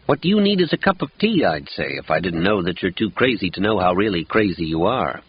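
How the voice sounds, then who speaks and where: A man reading a calm, stern, teasing Zen-minded friend. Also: deep voice, husky, exaggerated voice. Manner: unhurried, dry and teasing. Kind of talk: audiobook character reading. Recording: dull lo-fi audiobook recording.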